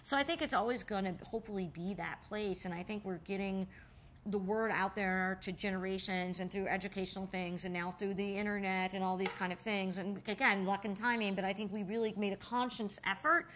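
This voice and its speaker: A woman in an oral history interview, telling stories in a lively way and jumping high when she acts out what people said. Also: fairly quick, slight background noise. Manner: animated storyteller, acts out quotes with sudden high exclamations. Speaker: interviewee, bar co-owner and nonprofit founder. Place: in a bar.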